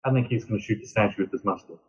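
A man's voice: fairly low pitch, racing, lo-fi sound. A man playing a tabletop game, joking and sardonic as he describes his character's moves. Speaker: player. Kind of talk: casual chat during a tabletop game.

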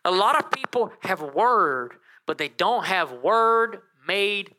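A male pastor preaching a sermon, telling a story with animated joking asides to his congregation. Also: high voice, takes it slowly.

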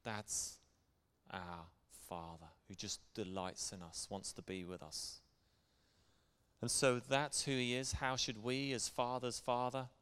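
A man's voice: medium pitch, steady tone, takes it slowly, fairly bright tone, smooth. A middle-aged man preaching a sermon as pastor, speaking in an earnest, conversational way. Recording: long hall reverb.

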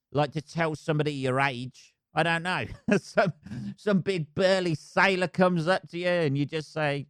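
A man's voice: a little high, smooth, no echo, studio quality. A man from England talking on his own podcast, rambling and swearing, mocking himself as he goes. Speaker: podcast host. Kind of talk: casual solo monologue.

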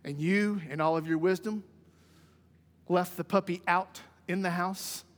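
High-voiced man preaching in a reverberant hall. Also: steady tone, a little slow. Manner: conversational preaching with vivid everyday examples. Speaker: pastor. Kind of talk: sermon. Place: church sanctuary.

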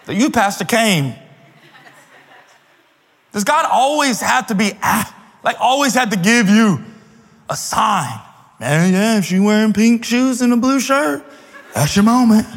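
A man's voice: sits high, lively intonation, a little slow, pauses often. A man preaching as a youth pastor, casual and playful, with slang asides, in a church hall. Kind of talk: sermon.

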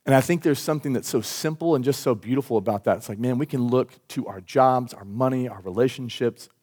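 Speaking quickly in a mid-range register, a man delivers a sermon during a church service as its pastor. He comes across as earnest and conversational, animating his talk with energetic storytelling.

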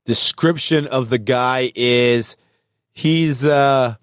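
A man's voice: mid-range voice, very slow, smooth, no echo, clean studio sound. A man hosting a casual chat, setting up hypothetical scenarios in a narrating way. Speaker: host posing scenarios.

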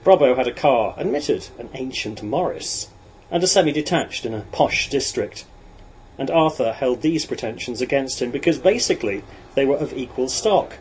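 A man narrating a novel in a measured, even storytelling voice. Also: medium pitch, breathy edge, low-quality recording. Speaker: audiobook narrator. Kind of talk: reading a novel aloud.

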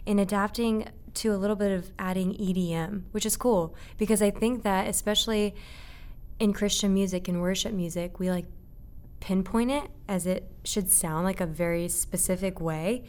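A woman's voice: medium pitch, normal speed, darkish tone. A young adult woman, a guest in a casual interview, speaking earnestly and reflectively and laughing easily.

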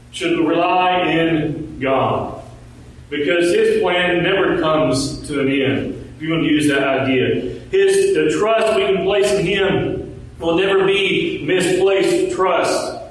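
A man preaching a sermon. He asks the congregation rhetorical questions and slows down when he quotes scripture. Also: fairly high pitch, a little hiss or hum. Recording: very echoey room, voice from a distance.

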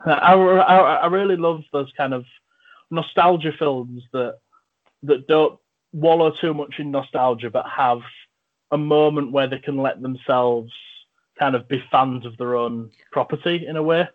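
A man's voice: on the high side, a little slow, narrow, tinny audio. A man hosting a casual film chat, talking with enthusiasm and a joking manner. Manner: chatty, enthusiastic, jokey. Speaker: podcast host and film reviewer.

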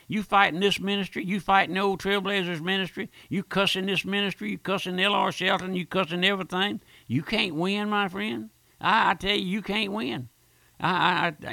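Older guy preaching on the radio, bright edgy voice, keeps saying my friend. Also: high-pitched, gravelly, dry recording. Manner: fervent, repetitive, calls listeners "my friend". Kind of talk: radio sermon.

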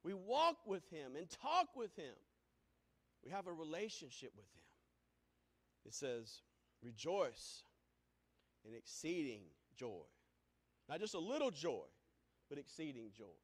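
A man preaching a sermon, swinging from booming exclamations to hushed lines and breaking into sung hymn phrases. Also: sing-song, measured pace, long pauses.

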